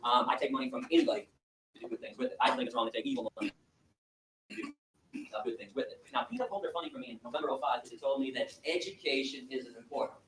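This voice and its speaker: Rapid-fire, high-voiced man lecturing. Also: vocal fry. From Michigan, USA. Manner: rapid, animated storytelling, driving and emphatic. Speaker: activist lecturer. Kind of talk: impassioned speech with audience questions. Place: lecture room with audience. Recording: echoey room, distant mic, faint hiss.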